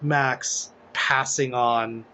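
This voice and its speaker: A man's voice: mid-range voice, steady tone, very slow, crowd noise. Rambling man giving audio commentary. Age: adult. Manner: rambling, many fillers and restarts. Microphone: voice-over commentary mic.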